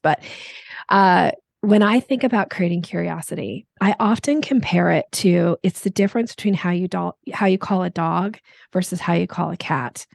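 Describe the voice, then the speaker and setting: Woman coach on a podcast, bit of fry, very dry mic, animated. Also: on the low side, fairly quick, dry recording. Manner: animated, acts out voices in examples. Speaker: sales coach guest. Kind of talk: podcast interview.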